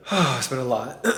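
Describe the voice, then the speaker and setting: A man talking casually to camera in a vlog, expressive and swearing freely, slipping into high baby talk with his dogs. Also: vocal fry, slightly rough. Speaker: vlogger. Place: home ranch and vet clinic.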